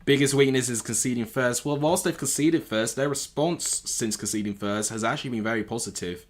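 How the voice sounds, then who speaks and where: A man with a medium-pitched, brisk voice streams a live football watchalong from a home room with a TV. He reacts to the match and often corrects himself out loud as he goes.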